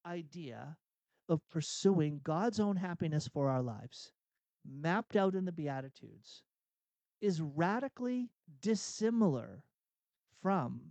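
A radio host and executive coach leads a Catholic radio talk, preaching earnestly and acting out inner dialogue. His voice is a little high and warm, and the recording is dry.

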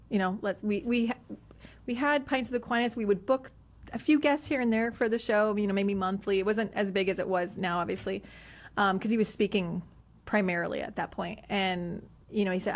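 A woman's voice: medium pitch, steady tone, moderate pace. A woman who is a guest in a radio studio, telling her story in a chatty, rambling way with lots of "you know"s. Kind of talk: casual storytelling interview.

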